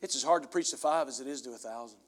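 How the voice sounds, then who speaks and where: A middle-aged pastor preaching a sermon, swinging from loud preaching to low, confessional storytelling. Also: male voice, rapid-fire. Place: church sanctuary.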